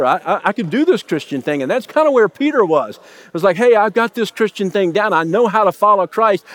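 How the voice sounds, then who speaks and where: A man preaching a sermon as pastor, telling a story and acting out the lines of the people in it. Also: on the high side. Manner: storytelling, acts out quoted lines in raised voice.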